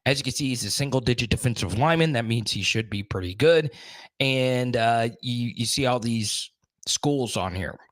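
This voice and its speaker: A young adult man hosting a casual sports live stream, chatty and energetic, greeting viewers by name as he talks. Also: medium pitch, moderate pace, no echo.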